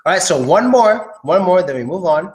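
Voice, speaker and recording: A man's voice: high-pitched, animated, moderate pace, reverberant. Casual joking man teaching English. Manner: casual, joking, thinks aloud. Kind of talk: live online English lesson.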